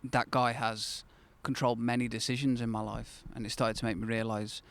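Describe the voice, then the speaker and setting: A man's voice: mid-range voice, little pitch movement, normal speed, gravelly. A man in his thirties, the host of his own channel, telling a personal story to camera in a candid, conversational way that turns reflective and then bursts with enthusiasm.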